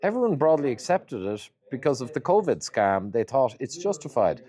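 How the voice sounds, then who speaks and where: A man being interviewed speaks at a moderate pace with a warm, very animated medium-pitched voice. He emphatically lays out his points one after another like a list.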